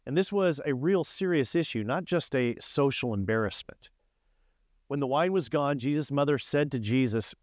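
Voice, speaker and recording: Male pastor, devotional sermon and prayer, mid-pitched, dry close sound. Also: lively intonation, moderate pace, no echo. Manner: storytelling, voices a joke's characters.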